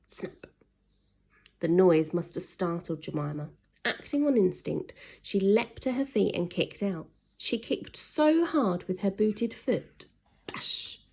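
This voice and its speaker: A woman reads a children's story aloud, storytelling in an expressive, dramatic style. Her voice is mid-range and husky, with vocal fry.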